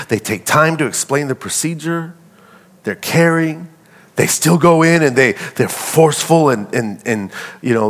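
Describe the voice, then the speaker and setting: A middle-aged man preaching a sermon, calling out to the congregation and acting out little scenes in a loose, conversational way. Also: a little high. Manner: call-and-response preaching, animated and conversational. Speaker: pastor.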